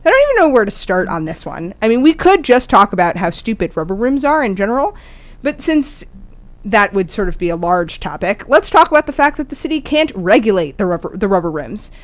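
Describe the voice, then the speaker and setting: A woman's voice: mid-range voice, sing-song, brisk. A woman co-hosting a podcast, reading a news item aloud with wry remarks. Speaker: podcast co-host. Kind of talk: reading a news segment, then chatting.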